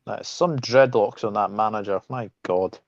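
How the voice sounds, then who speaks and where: A man's voice: fairly low pitch, moderate pace, dry recording, muffled recording. A man co-hosting a football watchalong, chatting casually about the match with jokey asides. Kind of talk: casual live match commentary.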